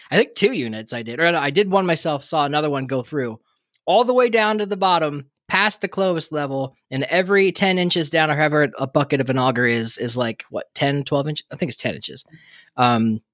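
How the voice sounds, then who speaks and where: A man's voice: on the high side, fairly bright tone, no echo, clean studio sound. A man co-hosting a podcast in casual chat, rambling and joking with lots of fillers and laughs. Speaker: podcast co-host.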